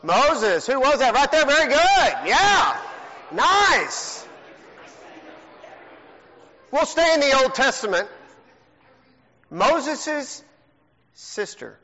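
Male pastor, high and bright, joking game host; long church reverb, muffled audio. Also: very slow, long pauses. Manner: teasing, joking, animated. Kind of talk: playful game hosting to a congregation. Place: church sanctuary. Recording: long hall reverb, dull lo-fi sound.

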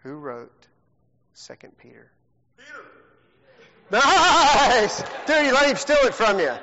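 Male pastor, high and bright, joking game host; long church reverb, muffled audio. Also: moderate pace. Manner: teasing, joking, animated. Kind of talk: playful game hosting to a congregation. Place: church sanctuary. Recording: long hall reverb, dull lo-fi sound.

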